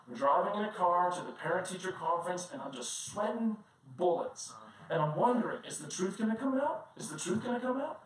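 A man preaching a sermon as a pastor, telling personal stories in a conversational, animated way and often laughing as he talks. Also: sits high. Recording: very echoey room, distant mic, faint noise.

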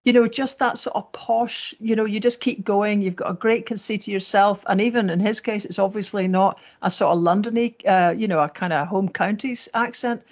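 A woman's voice: mid-range voice, fairly even intonation, normal speed, few pauses. A woman co-hosting a political podcast in a mid-range voice. She talks in a chatty, wry way with lots of fillers, and the recording sounds dull and lo-fi. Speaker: podcast co-host. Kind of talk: political discussion.

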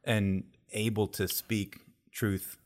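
A man's voice: lowish voice, flat delivery, takes it slowly. A man hosting a church interview, reflecting on the guest's story in an affirming way. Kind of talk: interview conversation.

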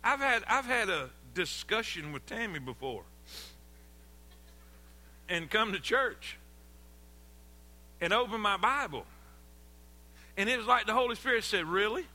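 Man, pastor, high bright voice, folksy call-and-response sermon. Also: lively intonation, measured pace, long pauses. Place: church sanctuary.

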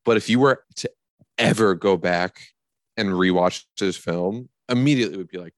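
A man's voice: sits low, moderate pace, dry recording. A man co-hosting a podcast, chatting about a film with wry, sarcastic asides. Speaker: podcast co-host. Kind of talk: casual movie review chat.

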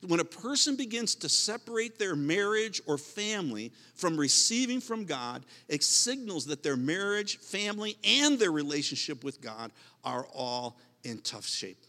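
A man's voice: high-pitched, big pitch swings, unhurried, bright, forceful tone, in a large hall. A man preaching a sermon as pastor, emphatic and repetitive, often restarting his words.

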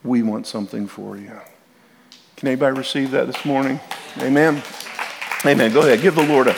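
Earnest middle-aged pastor in a reverberant hall. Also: male voice, medium pitch, fairly even intonation, brisk, vocal fry, a little hiss or hum. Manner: earnest, repeats and restarts words, talks to the congregation. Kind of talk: sermon. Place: church sanctuary.

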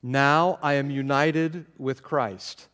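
Slow-spoken pastor in an echoing hall. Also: male voice, medium pitch, clean tone. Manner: animated, self-mocking, laughs often. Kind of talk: sermon.

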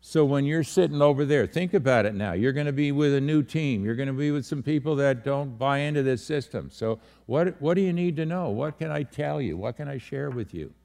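A male pastor teaches a leadership group around a table. His voice sits at a middle pitch with a gravelly edge. He talks directly, fires questions at the group and hammers his key words. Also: expressive, a little fast, few pauses, a little mellow. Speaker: pastor leading a leadership training. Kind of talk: teaching talk to a small group.

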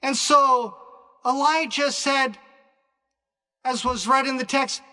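Man preaching, very high voice, bright tone, slow and deliberate, long hall reverb. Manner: slow, deliberate preaching with frequent pauses and restarts. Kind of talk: sermon.

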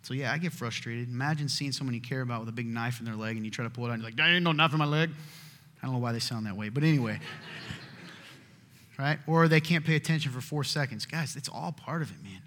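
A man preaching a sermon, passionate, swinging between emphatic and hushed delivery. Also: medium pitch, fast. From Southern United States. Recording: reverberant hall.

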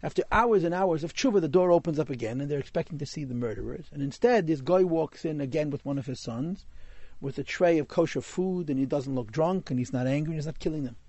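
A man's voice: on the high side, quick pace, hardly any pauses, mellow, no echo. A man telling a Hasidic story in a class, mixing in Yiddish and Hebrew words.

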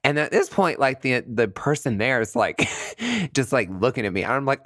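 A man, a nurse, telling a personal story in a casual, animated way, often laughing and acting out his reactions. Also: mid-range voice, a little fast, no room sound, studio quality. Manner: breaks into giggles mid-sentence.

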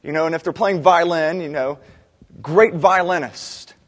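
A man preaching a sermon as pastor, animated, acting out cries of the people he describes. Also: on the high side, unhurried, big-room sound.

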